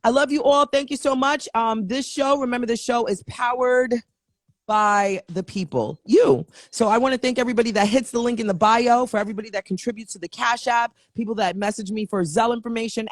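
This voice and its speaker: A woman's voice: fairly high pitch, brisk, dry recording, clean studio sound. A woman hosting her own show, signing off in a chatty, playful way with many fillers. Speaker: show host. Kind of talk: casual show sign-off.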